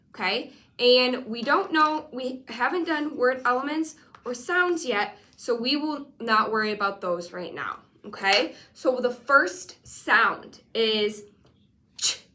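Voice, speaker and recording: A woman teaching a one-on-one spelling lesson, patient and encouraging, sounding out letters slowly. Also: a little high, pushed and bright. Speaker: reading teacher.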